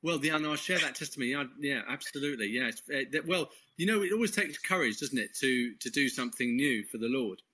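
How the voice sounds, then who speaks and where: An English man tells his story as an interview guest. His tone is bright and ringing, and he wanders through the telling, correcting himself and chuckling as he goes. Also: medium pitch, animated, fast talker, few pauses, husky, rough recording. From England. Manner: rambling, self-correcting storyteller who chuckles often. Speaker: course leader.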